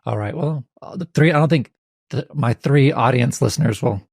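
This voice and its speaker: A man's voice: medium pitch, normal speed, vocal fry, slightly rough, no room sound, clean studio sound. A man hosting a podcast, chatting casually and joking with his guests. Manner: joking, playful. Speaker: podcast host.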